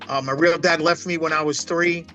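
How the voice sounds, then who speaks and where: A man's voice: on the high side, fairly even intonation, moderate pace, sharp tone, soft background music. A man, telling his life story as a guest in a long rambling interview, full of restarts. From Brooklyn, New York. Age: 60s. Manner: rambling, emphatic, many restarts. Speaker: poker pro guest.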